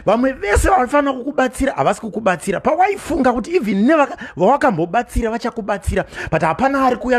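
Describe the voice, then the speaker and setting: A man preaching a sermon from home, switching between Shona and English, with rising passion and shouted calls. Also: very high-pitched, sing-song, fast, hardly any pauses, breathy edge. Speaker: pastor.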